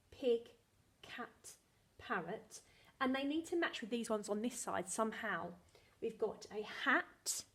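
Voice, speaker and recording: A woman, a primary school teacher recording a lesson video for young children, talking in a cheerful, sing-song, slow way. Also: mid-range voice, breathy edge. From England.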